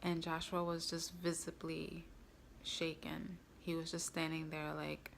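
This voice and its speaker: Woman, vlogger, personal storytelling, earnest, lots of fillers, deep voice, slight vocal fry. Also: flat delivery, unhurried, a little hiss or hum. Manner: earnest, recounting with frequent "like" fillers.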